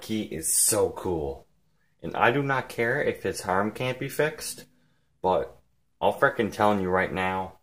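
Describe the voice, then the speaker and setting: A man vlogging casually, rambling with lots of fillers, excited and emotional to the point of near tears. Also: low-pitched. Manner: rambling, heavy use of "like" and "frickin'". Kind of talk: casual vlog talk.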